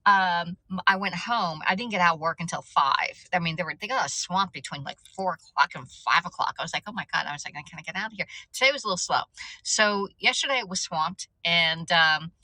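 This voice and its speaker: Middle-aged woman hosting a casual live stream, chatty and self-mocking, bright voice, close dry mic. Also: lowish voice, no room sound, rough recording. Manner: chatty, laughs at herself, stumbles over words. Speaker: livestream host.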